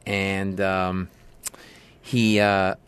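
A comedian being interviewed, telling stories in an animated way and jumping up in pitch when he quotes other people. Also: drawn-out words, clear, resonant tone. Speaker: comedian guest. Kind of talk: storytelling in a podcast interview.

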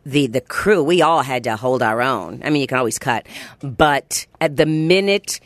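A middle-aged woman chatting as a guest in an interview, animated and quick to jump up in pitch. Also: slight background noise. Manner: animated, pitch jumps high when excited. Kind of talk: casual interview chat.

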